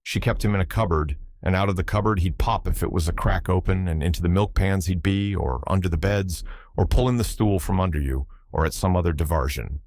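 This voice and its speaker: A man voicing a superstitious old sailor with an Irish accent, telling a tale in a lilting, animated way. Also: deep voice, fairly quick, dry recording. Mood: storytelling. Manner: yarn-spinning, lilting, animated.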